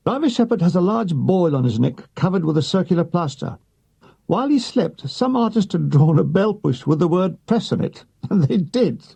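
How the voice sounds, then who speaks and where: Male memoir reader, gravelly and husky, mellow tone, dry comic timing. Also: sits high, sing-song, normal speed. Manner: dry comic delivery with voiced quotes. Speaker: audiobook reader. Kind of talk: reading a wartime memoir aloud.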